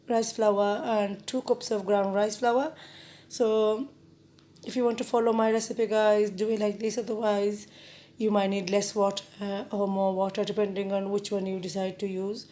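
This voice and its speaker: A woman hosting a casual home cooking tutorial with a croaky voice from a sore throat, chatty and repeating herself with many ums. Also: medium pitch, dark tone. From Bangladesh.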